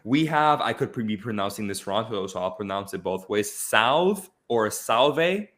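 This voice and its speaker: A man hosting a casual film podcast, animated and repeating phrases for emphasis. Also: fairly low pitch, fairly quick. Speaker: podcast host. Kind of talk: casual chat.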